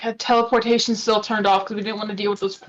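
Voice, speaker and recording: A woman's voice: mid-range voice, flat delivery, fast talker, highs cut off, a little hiss or hum. A woman playing a tabletop game, teasing the others bluntly. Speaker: player. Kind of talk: casual tabletop game chat.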